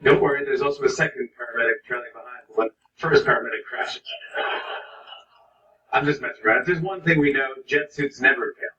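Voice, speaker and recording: Bright, joking late-night host. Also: male voice, mid-range voice. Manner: joking, quick asides. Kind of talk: comedy monologue. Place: TV studio. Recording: dull, distant, roomy audio.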